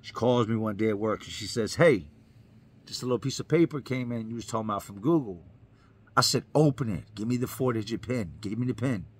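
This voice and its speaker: A man's voice: lowish voice, fairly quick, breathy edge. A man, a YouTuber, telling his own story in an earnest, emphatic way, repeating lines for effect. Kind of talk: personal storytelling to camera.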